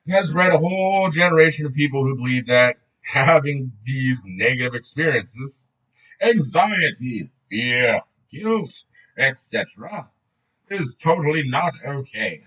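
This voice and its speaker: A man's voice: mid-range voice, lively intonation, a little slow, sharp tone, poor audio. A man reading a book aloud in a casual way, often breaking off to joke, swear and laugh.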